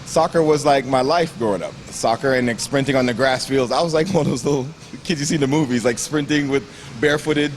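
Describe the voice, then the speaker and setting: A young man from Grenada with a Grenadian accent, a bodybuilder telling his story in a gym interview, lively and acting out the voices of the people he quotes. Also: mid-range voice, quick pace, hardly any pauses. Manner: animated storyteller who acts out quoted voices and laughs often.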